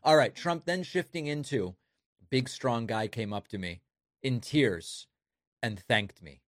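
A man's voice: medium pitch, measured pace. A man hosts a political commentary show, tossing wry, sarcastic asides between clips. His voice sounds dry and close, with no room echo.

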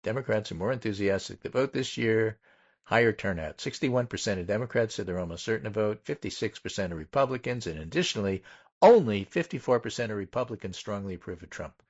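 A low-pitched man talks through political poll findings in a measured way and leans on each figure. The audio is dull and lo-fi. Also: expressive. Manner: methodical, pauses to stress numbers. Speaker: political podcast host. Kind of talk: casual political chat, reading poll findings.

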